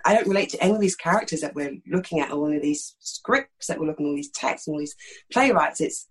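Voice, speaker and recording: Husky, lowish-voiced middle-aged woman. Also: fast, poor audio. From East London, England. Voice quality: slight lisp that sometimes creeps in. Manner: frank, animated storytelling with many fillers. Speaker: actress, interview guest. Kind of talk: candid conversational interview.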